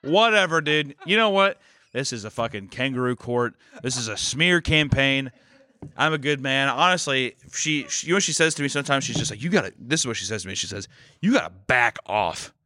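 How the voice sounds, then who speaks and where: A man's voice: on the high side, fast. A man co-hosting a podcast, joking and telling stories in casual, profane chat. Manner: profane, joking, animated storytelling. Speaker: podcast co-host.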